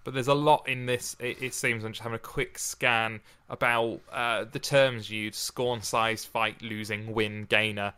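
Bright-voiced man hosting a chat podcast. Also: mid-range voice, fairly even intonation, unhurried, hardly any pauses, smooth. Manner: chatty, jokey, musing aloud with fillers. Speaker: podcast co-host. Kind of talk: casual literary chat.

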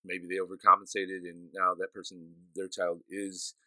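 Easygoing man with a very bright voice. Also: deep voice, moderate pace, no room sound. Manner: easygoing, animated storyteller, laughs often. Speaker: podcast co-host. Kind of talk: casual chat.

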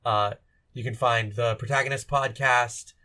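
A man's voice: mid-range voice, a little slow. A man hosting a podcast, chatting casually with his guests about a film. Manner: relaxed, thanks guests and signs off. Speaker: podcast host.

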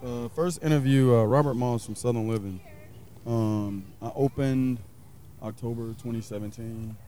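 A man's voice: mid-range voice, steady tone, normal speed, mellow, a little hiss or hum. A man from South Carolina, a pitmaster, telling his story in a casual interview, rambling with many fillers. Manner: rambling, many fillers, acts out quoted people. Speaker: pitmaster and restaurant owner.

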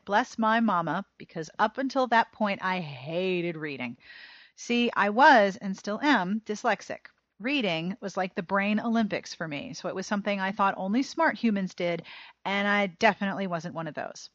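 A woman hosting a podcast, reading listener mail aloud in a casual, expressive way and swearing now and then. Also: on the low side, normal speed, no echo. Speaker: podcast host. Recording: dry, slightly dull lo-fi sound.

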